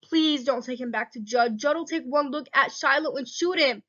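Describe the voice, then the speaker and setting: A woman's voice: a little high, steady tone, a little fast, a bit bright, lightly acted. A woman reading a scared young country boy, pleading and teary, dull recording.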